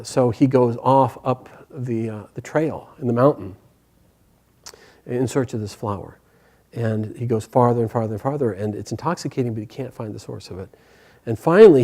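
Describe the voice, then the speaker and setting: A man teaching a spiritual class, telling a story gently and hesitantly with many pauses and fillers. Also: medium pitch.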